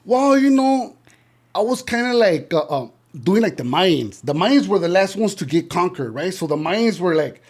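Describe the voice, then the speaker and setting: Relaxed man telling street stories. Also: sits high, normal speed. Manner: street slang, many "you know" fillers. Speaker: podcast guest. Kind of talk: casual interview storytelling.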